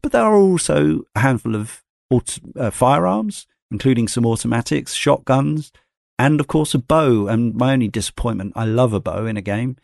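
A man's voice: mid-range voice, lively intonation, moderate pace, vocal fry, a little mellow, dry recording, studio quality. A man hosting a podcast, talking through a game in a thoughtful, rambling way and passing questions to his co-hosts. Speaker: podcast host. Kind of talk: casual game discussion.

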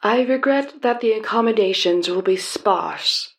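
A woman's voice: medium pitch, expressive, unhurried, vocal fry. A woman reading aloud and voicing a polite young Southeast Asian male translator, in a put-on Southeast Asian accent and formal phrasing. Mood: courteous.

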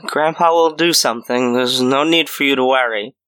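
A fearful old grandmother speaks shaky words of comfort in a slightly raised, bright voice. A man puts her on within a spoken ghost story. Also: medium pitch, moderate pace, smooth, dry recording, close to an everyday voice, poor audio. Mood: shaken comfort. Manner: shaky, reassuring. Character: trembling elderly grandmother, gentle and fearful.

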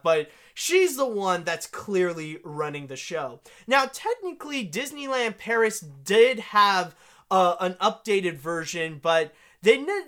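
A woman hosting an animation news podcast, chatty and animated, with gushing emphasis. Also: medium pitch. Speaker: podcast host.

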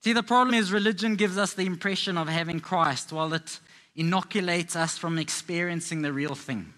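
A man with a high, bright voice preaches a sermon to a live congregation. He tells Bible stories in a playful, chatty way, as if talking with friends. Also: fairly quick. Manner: playful, conversational storytelling. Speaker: pastor.

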